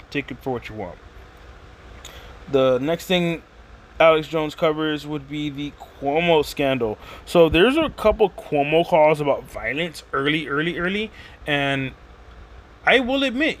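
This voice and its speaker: A man talking in a rambling, casual monologue as a podcast host. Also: a little high. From Texas. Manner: rambling, animated, conversational with slang.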